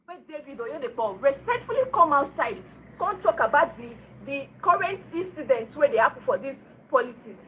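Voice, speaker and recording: High-voiced Nigerian Pidgin woman scolding. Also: very animated, normal speed, fairly bright tone, a little hiss or hum, rough recording. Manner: scolding, rhetorical, repeats her questions. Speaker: commentator. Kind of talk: political commentary.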